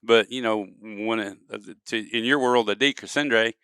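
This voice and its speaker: A man's voice: fairly low pitch, fairly even intonation, moderate pace, fairly bright tone, smooth, no echo. A man, a podcast guest, telling folksy stories and acting out examples in casual conversation. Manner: folksy storyteller, acts out examples. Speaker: guest, duck-calling expert. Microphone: studio podcast mic.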